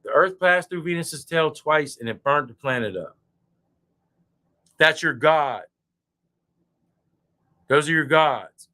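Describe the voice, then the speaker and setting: A boastful man rants in a loose, profane online chat while drinking beer. His voice sits a little high and comes out bright and tense. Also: slow pace, pauses often. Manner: boastful, profane, animated ranting. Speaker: guest speaker. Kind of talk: heated casual debate chat.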